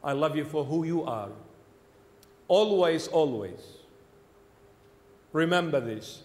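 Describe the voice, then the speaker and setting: A man, a bishop, preaching a sermon with emphatic repetition that swings between loud and soft. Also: a little high, fairly quick, echoey room, long reverb tail. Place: church.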